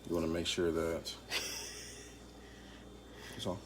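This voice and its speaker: A man leading a live online cooking class, calmly explaining each step. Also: low-pitched, slow pace, noisy background. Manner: calm step-by-step instruction.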